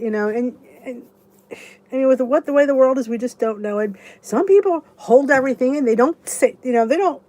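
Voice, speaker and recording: Chatty woman in her fifties, slightly high voice. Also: a little mellow. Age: 50s. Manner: rambling and chatty, many restarts. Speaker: YouTube channel host. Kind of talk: casual live-stream chat, reading viewer comments.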